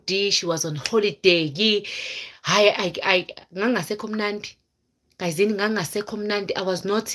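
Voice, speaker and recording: A woman's voice: medium pitch, fairly bright tone. A woman vlogger telling a story to her live viewers in a dramatic, exclaiming way. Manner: dramatic, exclaiming, mixes in local words. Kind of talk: casual storytelling chat with viewers.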